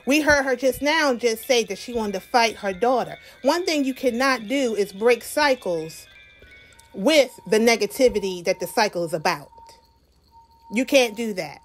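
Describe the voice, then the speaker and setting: Woman, Southern accent, fairly high voice, sassy commentary host, preachy, talks straight to viewers, soft music underneath. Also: animated, moderate pace. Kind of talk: reaction commentary.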